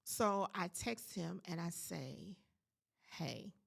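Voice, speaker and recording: A woman in her forties hosting a podcast, telling a personal story in a casual, animated and emphatic way, talking straight to her listeners. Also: medium pitch, moderate pace, creaky, breathy edge. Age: 40s. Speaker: podcast host.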